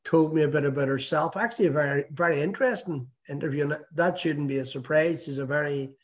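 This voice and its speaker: A man's voice: on the high side, fast. A man hosting an interview, asking rambling questions and teasing his guest. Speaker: interview host. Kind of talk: casual interview chat. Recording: dull lo-fi recording.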